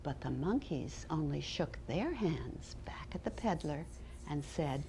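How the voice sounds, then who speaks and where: A woman's voice: low voice, lively intonation, unhurried, slight background noise. A woman educator giving a dramatic storybook reading, then talking about teaching. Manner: dramatic, with hushed and loud turns. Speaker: early childhood educator.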